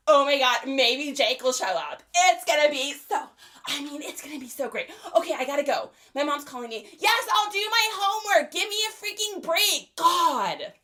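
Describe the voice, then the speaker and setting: A woman's voice: high voice, bright, forceful tone, pitched above the performer's own voice. A woman voicing a dramatic 1980s teenage girl who gossips on the phone in valley-girl slang.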